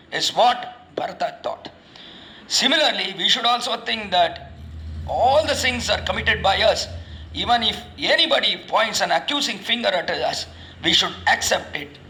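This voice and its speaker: A man giving a devotional discourse, explaining slowly and repeating his points. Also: high-pitched, expressive, sharp tone, low-quality recording. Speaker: religious teacher.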